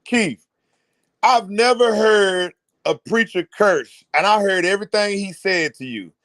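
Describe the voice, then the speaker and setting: A man doing loud, mocking, profane reaction commentary, often mimicking others. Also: high-pitched, unhurried, dry recording, clean studio sound. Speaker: commentary host.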